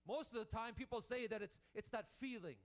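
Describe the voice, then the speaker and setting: A man's voice: extremely high pitch, fairly quick. A man preaching a sermon in an earnest manner, repeating and restarting as he builds his points.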